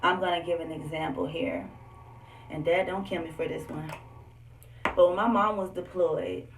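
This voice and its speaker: A woman's voice: fairly low pitch, creaky, recorded from a distance. Candid young woman vlogging in an echoey room. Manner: animated, candid, talks straight to viewers. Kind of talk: personal storytelling vlog. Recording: echoey room, voice set back from the mic.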